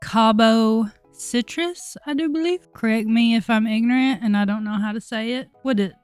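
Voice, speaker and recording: A young woman, chatting candidly to camera in a relaxed, talkative vlog and laughing often. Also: on the high side, normal speed, clear, resonant tone, faint music behind. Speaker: vlogger. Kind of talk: casual chat to camera.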